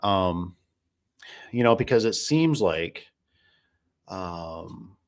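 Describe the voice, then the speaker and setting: Rambling, folksy low-voiced man. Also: lively intonation, drawn-out words, dry recording, clean studio sound. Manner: rambling, filler-heavy, folksy. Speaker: garage door business owner. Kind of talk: casual livestream chat.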